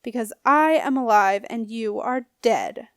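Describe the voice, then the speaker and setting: A woman's voice: on the high side, a little slow, fairly bright tone, smooth, dry recording, studio quality. A woman reading an audiobook, voicing a nervous, resentful teenage boy who talks in a thin, faltering way. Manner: faltering, timid, then eager.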